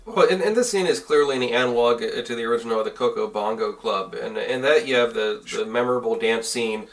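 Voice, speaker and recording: A man's voice: medium pitch, fairly quick, far from the mic. A man in a casual podcast conversation, analytically comparing films and making references. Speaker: podcast co-host. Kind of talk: casual film review chat.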